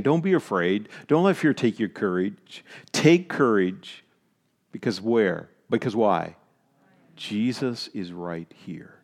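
Middle-aged male pastor from Maritime Canada, mid-pitched voice, storytelling sermon with repeated emphatic phrases.

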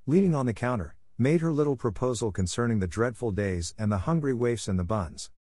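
A man reading a classic children's story aloud as a narrator, in a measured, even way. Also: medium pitch, no echo, studio quality. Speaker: audiobook narrator.

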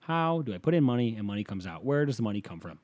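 Man podcast host, slight lisp, rambling profane rant, lowish voice. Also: big pitch swings, fast, darkish tone.

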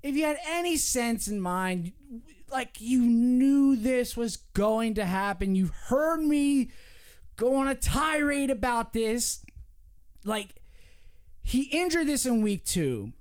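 A man's voice: very high voice, animated, takes it slowly, clean tone. Man hosting a sports podcast, loose profane ranting delivery. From Philadelphia area. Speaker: podcast host. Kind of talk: casual sports chat.

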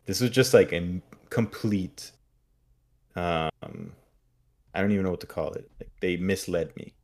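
A man's voice: low-pitched, normal speed, darkish tone. A man co-hosting a podcast in casual chat, giving wry, critical commentary. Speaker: podcast co-host.

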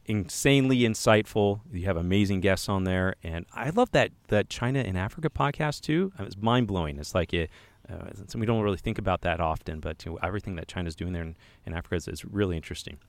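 A man's voice: low voice, fast, vocal fry, no echo. A man co-hosting a podcast, chatting casually and enthusiastically. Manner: enthusiastic, effusive. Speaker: podcast co-host.

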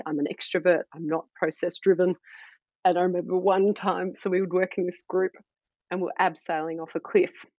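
An energetic woman talks in a husky, slightly low voice, telling frank, self-deprecating stories as a podcast guest. The recording is dry and a little dull, like a lo-fi call mic. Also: dry recording. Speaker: guest, startup founder and former midwife. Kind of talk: casual podcast conversation.

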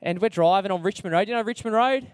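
A man's voice: high voice, quick pace, clear, resonant tone, no echo, clean studio sound. A young Australian man telling his own story to an audience in a chatty, slangy, self-deprecating way, with lots of fillers. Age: young adult. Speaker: speaker sharing his testimony.

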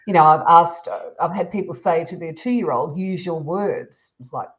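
A woman, a parenting expert guest, giving calm, measured advice in a podcast conversation. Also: sits low, highs cut off. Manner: calm, measured, explains with examples.

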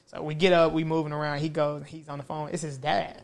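A man telling a story in casual chat, animated and slangy, often laughing as he goes. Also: fairly high pitch, fairly quick.

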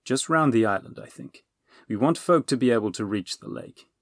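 A man voicing a calm, wise old male wizard who speaks in a measured, deliberate way. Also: medium pitch, no room sound, studio quality. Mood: grave.

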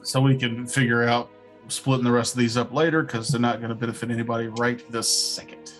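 A man's voice: medium pitch, level tone, brisk, faint music behind. A man playing a tabletop game, chatting casually and making dry jokes. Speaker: player, regular of the show.

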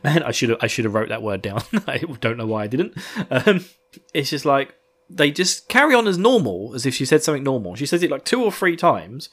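A man's voice: mid-range voice, very animated, brisk, fairly bright tone. A man casually recapping a book, joking, laughing often and acting out the characters.

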